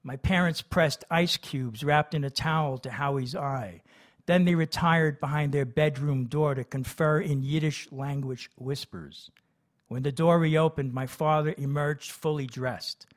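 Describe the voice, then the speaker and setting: A man reads his own memoir aloud in a fairly high voice. He narrates steadily but drifts into chatty, hesitant asides now and then.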